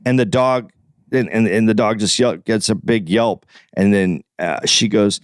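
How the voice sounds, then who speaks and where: A man co-hosting a podcast in casual chat, animated and playful as he pitches ideas. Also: measured pace, clean tone, dry recording, clean studio sound. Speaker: podcast co-host.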